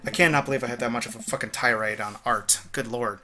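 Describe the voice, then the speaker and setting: Young guy streamer, excitable and sweary, bright voice, music low in the back. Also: fast talker. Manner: excitable, profane, rambling. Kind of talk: let's play commentary.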